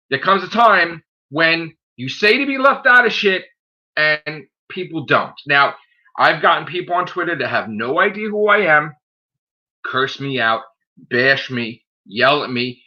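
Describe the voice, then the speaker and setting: A man ranting angrily on his own live stream, swearing nonstop and tagging "okay?" onto his points. His voice sits a little high for a man. The audio is dull and lo-fi, like a cheap stream. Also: bright, forceful tone. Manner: heated, swearing, repeats "okay?" often. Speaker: channel host. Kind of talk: angry live-stream rant.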